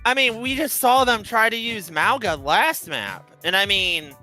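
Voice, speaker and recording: A man casting a live esports match, breaking down picks and bans, with lots of fillers and quick bursts of talk. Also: high-pitched, very animated, pushed and bright, faint music behind. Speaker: esports caster.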